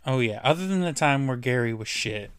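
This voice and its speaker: A man's voice: medium pitch, animated, brisk, a bit bright, clear, resonant tone, no echo. A man co-hosting a podcast in casual chat, with a dry, sarcastic, grumbling manner. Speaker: podcast co-host. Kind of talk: casual chat about a TV episode.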